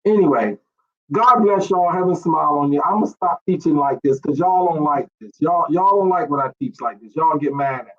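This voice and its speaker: A man's voice: on the high side, fairly quick, a bit bright. A man preaching an online sermon, asking rhetorical questions and repeating phrases. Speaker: pastor. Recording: dull lo-fi stream audio.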